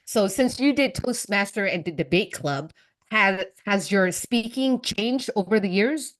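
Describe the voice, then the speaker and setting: A woman's voice: mid-range voice, animated, a little slow. A woman from the United States, a podcast guest, chatting in a playful way and laughing easily. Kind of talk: casual podcast chat.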